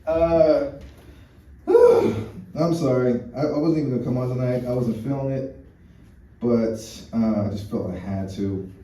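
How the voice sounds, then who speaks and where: The mid-range voice has lively intonation and a dark tone, and the pace is measured. He's an American stand-up doing a crude, rambling bit riddled with fillers and restarts, recorded from a distance in an echoey room with faint noise.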